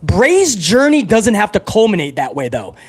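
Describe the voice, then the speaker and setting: A wired, over-caffeinated man hosts a live reaction stream, chatting loosely with viewers and swearing freely. His voice sits notably high and bounces with excitement. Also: moderate pace, husky.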